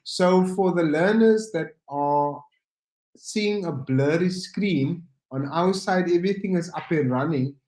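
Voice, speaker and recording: A man's voice: on the high side, a little slow, darkish tone. A man with a South African accent, co-hosting an online maths workshop, explaining a settings fix to viewers. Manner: teasing, then plainly explaining. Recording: roomy echo.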